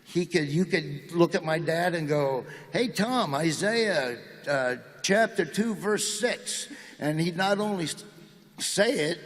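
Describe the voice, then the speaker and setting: A middle-aged man with a Southern drawl, telling jokes and anecdotes as a stage interview guest. His voice sits a bit high for a man, and the hall adds a long echo. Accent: Southern American. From Nebraska, United States. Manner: joking, drawling storyteller. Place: large hall before a live audience.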